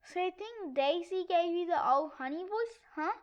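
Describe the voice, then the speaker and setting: High-voiced woman reading a kids' comic. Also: animated, normal speed, muffled recording. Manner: switches between many kid characters. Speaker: read-aloud narrator. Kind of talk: reading a children's comic book aloud.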